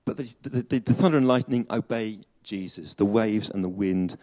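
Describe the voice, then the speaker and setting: A man's voice: fairly low pitch, normal speed, a little mellow. A man preaching a chatty sermon to a congregation, with many fillers and restarts.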